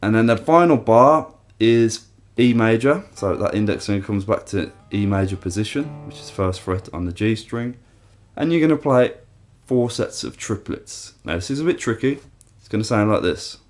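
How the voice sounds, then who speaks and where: A man with a lowish voice teaches a guitar lesson, walking through each step and counting the strums aloud. Loud guitar playing rings behind him. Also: moderate pace, few pauses.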